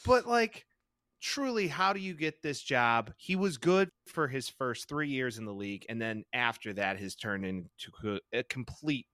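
A man's voice: medium pitch, animated, normal speed, pushed and bright, no echo, clean studio sound. A young man co-hosting a podcast, ranting heatedly about sports and swearing. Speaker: podcast co-host. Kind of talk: casual sports chat.

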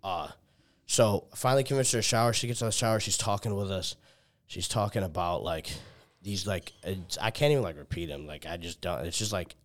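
This young man has a deep voice and speaks a little fast while recounting a long personal story casually. He fills it with "like," swears, restarts himself, and quotes dialogue by acting out what people said.

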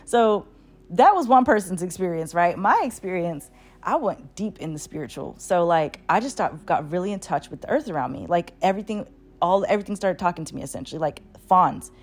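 A woman casually telling a long personal story, animated, with plenty of fillers and swearing. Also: on the low side, fairly quick. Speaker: channel host.

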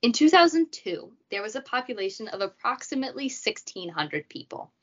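A woman's voice: a little high, big pitch swings, fairly quick. A woman hosting a casual true crime podcast, chatty and jokey, with asides. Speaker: podcast host. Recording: dull lo-fi audio.

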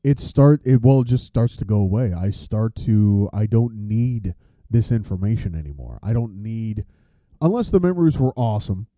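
Male host, dark voice, swings up and down a lot, swears, wanders off topic; dry close sound. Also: fairly low pitch, big pitch swings, moderate pace, no room sound. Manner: rambling, profane, loses his train of thought. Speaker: podcast host. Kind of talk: casual chat.

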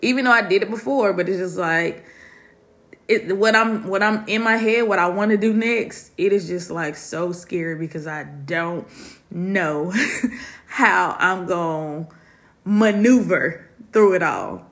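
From her dining room, a woman hosts a solo podcast, speaking candidly and from the heart. Her fairly low voice moves a little slowly, and she confides in her listeners, calling them y'all.

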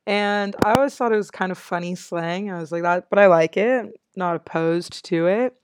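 Chatty young American woman, lowish voice. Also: normal speed, clear, resonant tone, dry recording. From United States. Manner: chatty, upbeat, laughs often. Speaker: podcast host. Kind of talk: casual solo chat.

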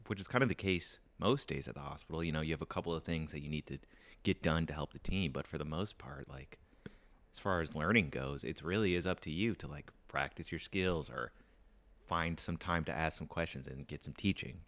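A young man with a very low voice co-hosts a relaxed podcast, rambling upbeat with plenty of ums. His voice sounds tired and cracks now and then. The sound is dry and close. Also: brisk, dry recording. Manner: rambling, upbeat, lots of fillers. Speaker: podcast co-host. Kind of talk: casual podcast chat.

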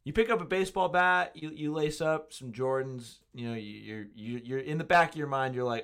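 A man co-hosting a podcast, talking casually and searching for words in halting, measured remarks. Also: medium pitch, a bit bright, smooth. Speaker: podcast co-host.

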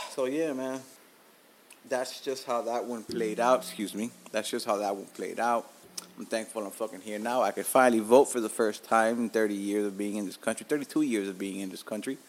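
A man's voice: fairly low pitch, normal speed. Profane storytelling podcast host, a man. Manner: profane, animated, tells stories with acted-out quotes. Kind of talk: casual storytelling monologue.

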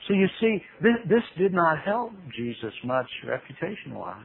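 Humorous Bible teacher, male, animated storyteller who acts out voices; tinny radio sound. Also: moderate pace, gravelly, breathy edge. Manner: animated storytelling with big pitch leaps. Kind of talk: humorous sermon. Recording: tinny radio broadcast with faint hiss.

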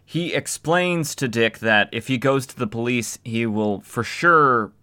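Wry man with a bright, clear voice. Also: mid-range voice, measured pace. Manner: wry, sarcastic asides. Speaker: podcast host recapping comics. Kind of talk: casual comic recap.

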